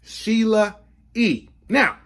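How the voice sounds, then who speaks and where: A man hosting a casual vinyl show-and-tell, chatty and excitable, talking straight to his viewers and prone to bursting into falsetto. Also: very slow. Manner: excitable, breaks into falsetto singing; chatty, addresses viewers directly. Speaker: record collector host.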